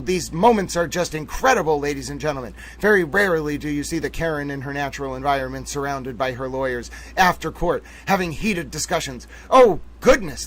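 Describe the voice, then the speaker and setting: A man hosting a livestream, joking through comedic live commentary in a theatrical mock nature-documentary manner and calling out to "ladies and gentlemen" again and again. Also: fairly high pitch. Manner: repeats "ladies and gentlemen" often. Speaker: livestream host.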